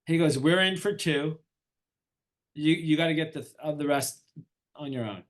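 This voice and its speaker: A man's voice: a little high, moderate pace. A middle-aged man, an entrepreneur guest in an interview, telling a story casually and acting out the dialogue. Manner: animated storyteller, acts out quoted dialogue.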